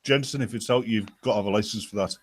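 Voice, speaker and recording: A man in a casual group chat who keeps firing off quick wisecracks. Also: fairly low pitch, husky, no echo.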